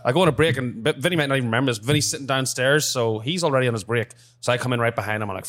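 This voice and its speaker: A young man co-hosting a podcast in a bar, telling animated stories with swearing. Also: medium pitch, very fast. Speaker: podcast co-host. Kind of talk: storytelling chat.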